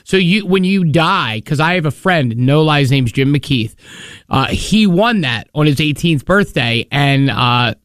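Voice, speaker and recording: A man's voice: a little high, expressive, measured pace, fairly bright tone, dry recording, studio quality. A man co-hosting a radio show, joking and talking to listeners driving to work in casual banter.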